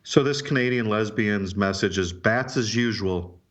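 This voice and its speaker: A man co-hosting a podcast, relaxed and agreeable, often laughing along. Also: lowish voice, moderate pace. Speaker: podcast co-host. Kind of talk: casual chat.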